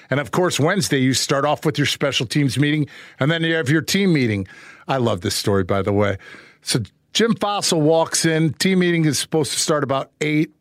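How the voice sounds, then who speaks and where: A man's voice: a little high, no echo, clean studio sound. A man who played pro football, a guest on a sports chat show, telling a story with energy.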